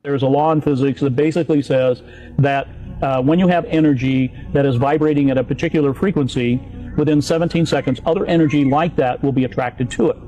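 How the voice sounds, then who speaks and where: A man in an old video clip calmly explaining an idea step by step with everyday examples. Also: mid-range voice, a little fast, faint music behind, rough recording. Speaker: motivational speaker in an old clip. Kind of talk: explanatory talk.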